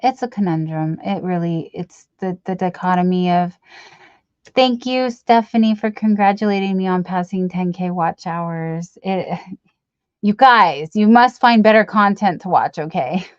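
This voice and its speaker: A woman chatting slowly on a home live stream, rambling as she reads out viewers' messages. Her voice sounds dull and lo-fi. The room is dry and close, with no echo. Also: fairly low pitch, clear, resonant tone. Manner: rambling, reads chat aloud, self-deprecating. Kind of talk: casual live-stream chat.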